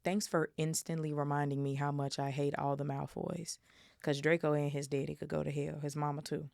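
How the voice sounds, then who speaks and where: A woman's voice: low-pitched, level tone, fairly quick, gravelly, darkish tone, no room sound, clean studio sound. A young woman from Chicago reading a novel aloud and chatting bluntly, with swearing, as a podcast host. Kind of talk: casual book-club reading and chat. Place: home, seated in a squeaky chair. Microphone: studio microphone.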